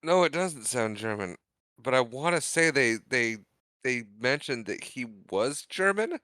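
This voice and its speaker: A man's voice: medium pitch, lively intonation, a little slow, bright, forceful tone, no room sound. A man co-hosting a podcast, recapping a film in casual, jokey chat. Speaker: podcast co-host.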